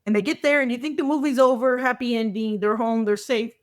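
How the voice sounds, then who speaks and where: A woman with a fairly high voice talks casually on a podcast. She rambles through stories, dropping into quick quoted asides as she goes. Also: steady tone. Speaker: podcast co-host. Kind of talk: casual chat.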